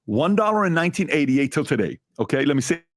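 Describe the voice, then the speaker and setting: A man's voice: a little high, very animated, fast, dry recording, studio quality. A man on a podcast explaining investment returns, building his point step by step with rhetorical questions.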